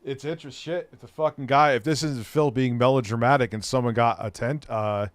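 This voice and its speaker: A man's voice: mid-range voice, steady tone, a little fast, dry recording. A man hosting a commentary show, reacting to clips in a crude, profanity-laden rant. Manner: crude, swearing rant with laughs.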